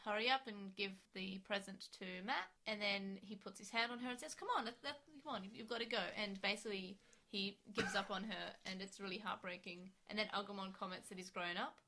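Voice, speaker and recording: A woman co-hosting a podcast in easy, casual chat. Her voice is bright and clear, and she gushes with enthusiasm as she recaps. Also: medium pitch, fairly even intonation, brisk. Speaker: podcast co-host.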